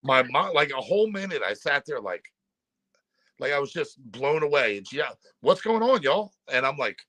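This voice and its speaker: A man's voice: mid-range voice, animated, brisk, pushed and bright, no room sound. A middle-aged man hosting a casual chat show, rambling through stories and dropping "man" and "dude" as he talks. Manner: laid-back, rambling, says "man" and "dude" a lot. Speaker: show host.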